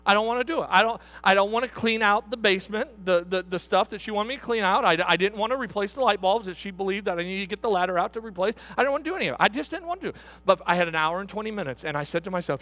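A man's voice: sits high, animated, very fast, hardly any pauses, pushed and bright. A middle-aged man, a pastor, preaching a sermon in a church hall, driving points home with repeated questions to the congregation.

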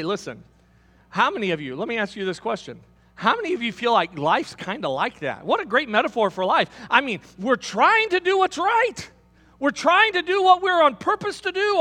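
A male pastor, preaching a sermon in an animated storytelling manner and asking the congregation questions. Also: very high voice, big-room sound.

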